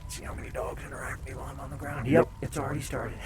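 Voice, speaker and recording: A man's voice: medium pitch, fairly even intonation, very fast, music in the background. A man live-streaming at home in a laid-back, casual way, chatting to his viewers and telling his dogs to stop barking.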